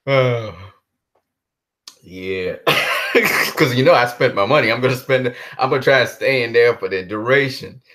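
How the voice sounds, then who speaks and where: A man vlogging a casual solo monologue about movies, animated and jokey, spinning exaggerated comic rants. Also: mid-range voice, normal speed, long pauses. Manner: animated and jokey, often breaking into laughter.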